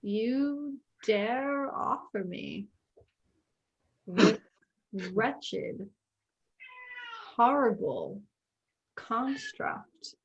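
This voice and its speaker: A woman's voice: on the high side, very animated, drawn-out words, pauses often, highs cut off, full character voice. A woman voicing a haughty old female fortune teller in a tabletop game.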